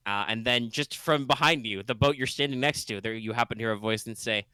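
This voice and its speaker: A man's voice: mid-range voice, fairly quick, bright, forceful tone, clean tone, no room sound. A man running a tabletop game as game master, narrating loosely with plenty of fillers and restarts. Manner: rambling, many fillers and restarts.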